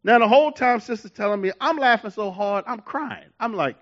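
High-voiced animated male pastor preaching. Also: fairly quick, hardly any pauses, muffled recording. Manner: animated preaching with laughs and repetitions. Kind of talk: sermon.

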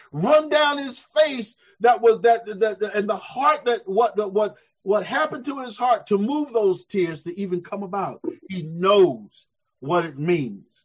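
A male preacher with a high-pitched voice delivers a sermon, rising to fervent shouts and sinking to soft, slow passages. The sound is dull and lo-fi. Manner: preaching with call-and-response, swelling to shouts then dropping soft. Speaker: pastor.

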